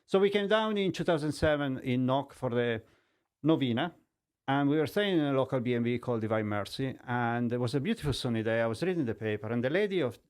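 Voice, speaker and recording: A middle-aged man from Italy speaking English with an Italian accent, telling his life story as a podcast guest in broken, animated English. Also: medium pitch, fast talker. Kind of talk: personal testimony in conversation.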